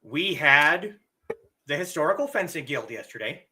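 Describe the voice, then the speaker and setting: Casual livestream teacher: unhurried, animated, bright-voiced, slightly hoarse, keeps clearing their throat. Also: mid-range voice, a little hiss or hum. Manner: slow and deliberate, clears throat often. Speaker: livestream host.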